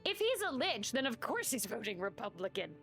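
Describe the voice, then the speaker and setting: A woman's voice: on the high side, very animated, a little fast, a bit bright, faint music behind. A young woman streaming a game, chatting playfully and rambling with lots of fillers. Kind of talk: casual gameplay commentary.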